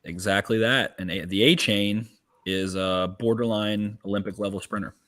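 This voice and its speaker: A man co-hosting a podcast, giving quick, profane football analysis in casual chat. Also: lowish voice, steady tone, a bit bright. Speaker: podcast co-host. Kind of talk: casual draft-night chat.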